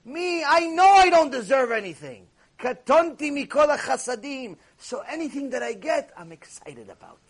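A man voicing a humble, joyful old male sage in a spoken story, telling it in a lively, self-effacing way. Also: extremely high pitch, normal speed, hardly any pauses, voice pushed up, exaggerated voice.

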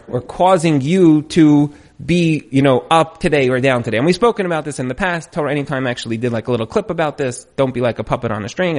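A man teaching an informal Torah class, retelling a story in a conversational, storytelling way. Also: a little high. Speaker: Torah lecturer.

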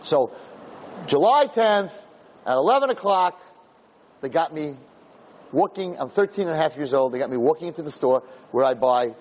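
Male Jewish lecturer, dramatic storyteller, fairly high and husky voice. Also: lively intonation, normal speed, pauses often, a little mellow, rough recording. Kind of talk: storytelling sermon.

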